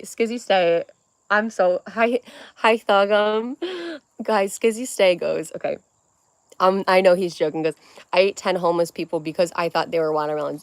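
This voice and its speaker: A woman's voice: fairly low pitch, dry recording. A young woman hosting a livestream, chatting casually and rambling as she reads viewer comments aloud, swearing freely. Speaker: livestream host.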